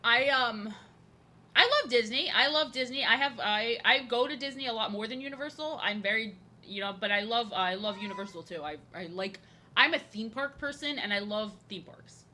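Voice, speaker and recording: A woman's voice: medium pitch, a little fast, bright, forceful tone. A young woman chatting casually while drawing on a live stream, rambling along with lots of "like" and restarts. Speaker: art streamer.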